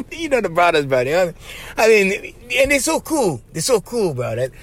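A man with a Hawaiian Pidgin accent hosting his podcast, telling stories in a loose, laughing, animated way. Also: high voice, a little slow. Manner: animated, laughs often, says bro constantly. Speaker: podcast host. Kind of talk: casual storytelling monologue.

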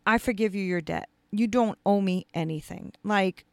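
A woman voicing a forgiving master in a retold story, speaking low and slow to reassure. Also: smooth, no room sound, natural voice. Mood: reassuring. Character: forgiving master, a grown man.

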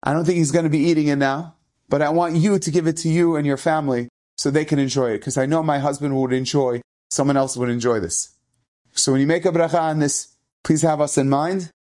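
A man voicing a gentle young wife. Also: on the high side, steady tone, brisk, lightly acted. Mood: tender.

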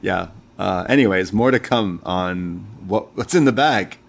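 A man's voice: sits low, unhurried, gravelly. Chatty young man reviewing with a friend. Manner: chatty, retells scenes with quoted voices, laughs often. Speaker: podcast co-host. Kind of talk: casual review chat.

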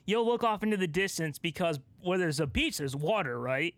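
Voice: medium pitch, animated, moderate pace, fairly bright tone, no echo. A comedy podcast co-host riffing through an improvised bit, rambling and giggling as the story builds.

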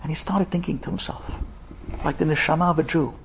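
A man telling a dramatic story, swinging from hushed tones to loud outbursts. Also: fairly high pitch, quick pace, gravelly, a little hiss or hum. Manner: animated, shifting from hushed to shouted.

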